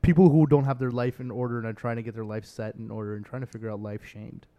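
A man's voice: medium pitch, fast talker, dull audio. A man in his twenties co-hosting a podcast, telling a family story in casual chat and acting out his parents. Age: 20s. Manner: animated storyteller, mimics his parents in exaggerated voices. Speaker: podcast co-host.

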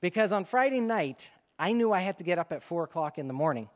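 A male pastor telling a lively story to his congregation during a sermon, in a conversational, animated way. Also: high-pitched, fast, big-room sound. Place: church sanctuary.

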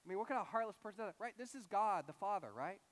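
A young male pastor preaches in an easy, conversational way, acting out voices as he explains the passage. His voice sits a little high for a man. The sound rings with the long reverb of a large hall. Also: racing. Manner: animated, conversational, acts out quoted voices. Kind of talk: sermon.

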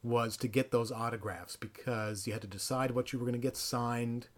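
Relaxed chatty podcast co-host. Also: medium pitch, moderate pace. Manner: relaxed listener, laughs and short agreements. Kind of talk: casual chat.

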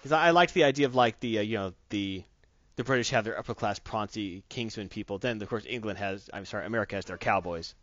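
A man's voice: fairly low pitch, quick pace, fairly bright tone, no room sound, highs cut off. A man co-hosting a casual podcast, joking and laughing often as he riffs on comics and movies. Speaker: podcast co-host.

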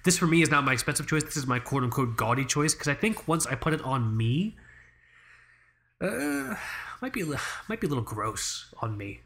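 A young man co-hosting a podcast, animated and joking, with lots of swearing in casual chat. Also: medium pitch, brisk, creaky. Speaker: podcast co-host. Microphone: studio microphone.

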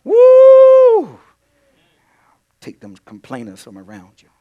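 A man preaching a sermon to his congregation. His voice sits high and swoops widely, jumping from loud outbursts to hushed, near-whispered asides. He keeps turning to the room, calling on everyone and repeating his key lines. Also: sing-song, moderate pace, slightly rough, narrow, tinny audio. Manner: preaching with sudden swings between loud exclamations and hushed asides; addresses the congregation as y'all, repeats phrases. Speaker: pastor.

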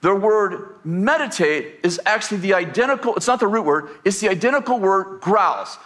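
Preaching with a high-pitched, expressive and slightly bright voice, a male pastor keeps a moderate pace. His sermon is full of rhetorical questions for the congregation, and he performs the voices of those he quotes.

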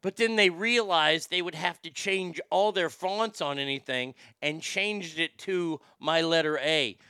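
A man's voice: a little high, measured pace, bright, forceful tone, smooth, dry recording, studio quality. A man with a Southern accent hosting a casual talk show, rambling, joking and swearing. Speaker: radio show host.

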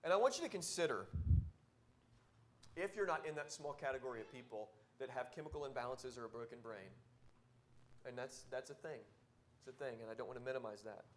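A man pastor preaching a sermon, exhorting and repeating key phrases, swinging from loud to soft. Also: medium pitch, a little fast, pauses often. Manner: repetitive, exhortative preaching with wide swings in loudness.

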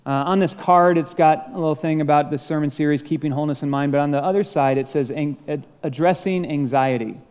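A man's voice: fairly high pitch, brisk, hardly any pauses, darkish tone, clean tone. A man preaching a sermon as pastor, conversational and lightly humorous, acting out bits of dialogue. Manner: conversational, self-deprecating humor, acts out dialogue. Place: church sanctuary. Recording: long reverb of a large hall.

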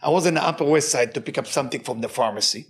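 A man teaching a weekly Torah lesson with a noticeable non-native accent, animated, swinging his pitch and repeating for emphasis. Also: racing.

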